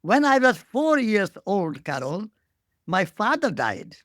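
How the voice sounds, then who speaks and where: A man's voice: sits high, sing-song, takes it slowly, a bit bright, no room sound, clean studio sound. A man in his eighties from India with an Indian accent, telling his life story as an interview guest, earnest and repeating phrases for emphasis. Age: 80s.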